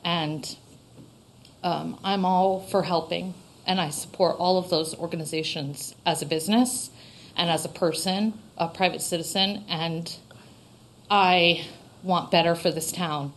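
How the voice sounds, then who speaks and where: A woman's voice: on the low side, fairly even intonation, measured pace, rough recording. An earnest woman from Vermont speaks at a town meeting microphone, her voice heartfelt and openly emotional. She is a local shop owner making a public comment, with a faint hiss in the background.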